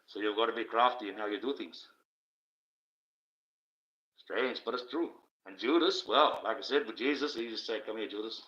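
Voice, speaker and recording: A man's voice: medium pitch, normal speed, long pauses, pushed and bright. A man rambling on a livestream, talking casually and swearing freely. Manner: profane, rambling, conversational. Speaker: livestream host. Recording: dull, echoey room sound.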